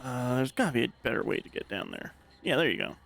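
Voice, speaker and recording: A man's voice: medium pitch, huge pitch swings, quick pace, creaky, a bit bright. A man in casual gaming chat, laid-back and laughing easily while giving backseat directions to the player. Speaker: co-commentator on a game playthrough.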